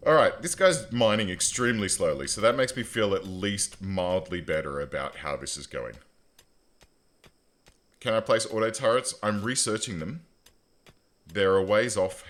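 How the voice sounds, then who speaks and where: Streaming a strategy game, a man chats casually and jokes with his viewers and his in-game characters in let's-play commentary. His voice sits low and is a bit bright.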